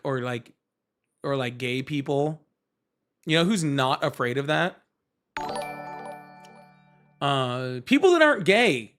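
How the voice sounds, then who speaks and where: A man's voice: fairly high pitch, fairly bright tone. A man hosting a live political chat stream, talking in a sarcastic, mocking, rambling way. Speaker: livestream host.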